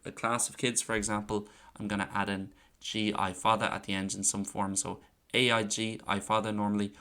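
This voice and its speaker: In a relaxed online lesson, a man from Ireland who teaches the Irish language explains grammar in his lowish voice. He talks through examples conversationally, slowing to repeat the key phrases.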